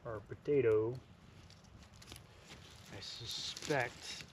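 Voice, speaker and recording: A man's voice: medium pitch, very slow. A man vlogging a solo camping trip at a forest campsite, talking casually to the camera as he cooks and camps. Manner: easygoing, talks to camera while cooking, sometimes murmurs softly. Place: forest campsite outdoors by a fire. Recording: outdoor noise in the background.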